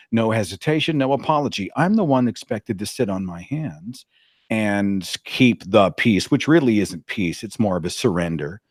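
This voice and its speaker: Brief: low-voiced man, lively storyteller, dry close sound. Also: moderate pace, dry recording. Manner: animated, dramatic retelling. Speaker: podcast host, guest. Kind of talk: anecdotal storytelling.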